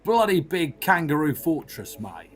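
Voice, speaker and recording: A man's voice: on the high side, very animated, a little slow, faint music behind. A man doing a comedic impression of a blunt, swearing Australian football manager, with a broad Australian accent, tagging nearly every line with "mate". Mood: gleeful ranting. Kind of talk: comedic impression in podcast chat.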